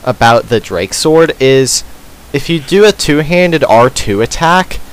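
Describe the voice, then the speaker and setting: A man's voice: medium pitch, animated, a little slow, low-quality recording. A man hosting a let's play, giving casual gaming commentary in a sarcastic, self-deprecating mutter.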